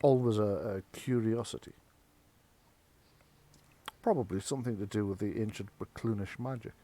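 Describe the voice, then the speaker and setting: A man's voice: fairly low pitch, normal speed, mellow, lightly acted. A man voicing a gracious noblewoman, the wife of a tower's master, speaking formally and courteously with small hesitations.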